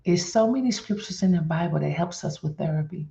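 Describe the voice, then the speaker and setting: A woman hosting a faith-based wellness stream, talking straight to her viewers and coaching them through an exercise in a lively, animated way. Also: on the low side, brisk, vocal fry, reverberant, highs cut off. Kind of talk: live-stream coaching talk.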